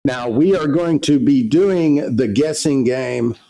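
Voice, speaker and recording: A man's voice: mid-range voice, slow pace, gravelly, mellow, low-quality recording. A man co-hosting a casual livestream, reading viewer questions aloud and explaining distilling in plain terms. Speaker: livestream co-host.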